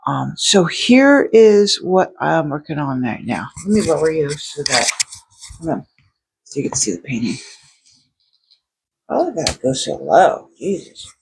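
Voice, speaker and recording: Casual artist vlogger at home, rambly and self-interrupting, plain mid-pitched voice. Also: very animated, a little slow, vocal fry, pauses often, noisy background. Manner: rambling, self-interrupting, lots of restarts and fillers. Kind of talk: casual vlog talk. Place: indoor home studio. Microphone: separate microphone.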